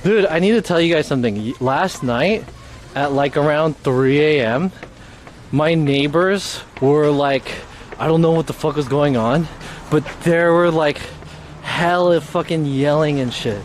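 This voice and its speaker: A man's voice: a little high, measured pace. A man live-streaming outdoors in light rain, telling a story in a rambling, cursing way full of "like". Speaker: IRL streamer. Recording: street noise behind.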